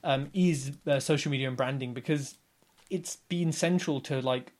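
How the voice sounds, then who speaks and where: A man's voice: mid-range voice, normal speed. A man in his thirties chatting casually as a podcast guest, telling stories and acting out other people's lines. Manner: animated storyteller, acts out others' lines.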